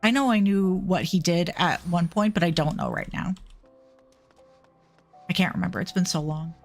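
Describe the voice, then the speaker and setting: A woman's voice: fairly low pitch, lively intonation, normal speed, faint music behind. Brief: woman let's-play streamer, wry and profane, casual commentary. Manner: reads quest dialogue aloud, swears casually, wry asides. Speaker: gaming streamer.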